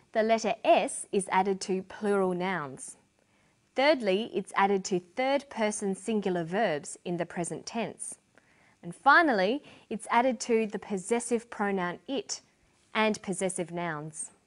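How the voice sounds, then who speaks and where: A woman narrating a scripted English lesson as a teacher, speaking clearly and deliberately. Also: medium pitch.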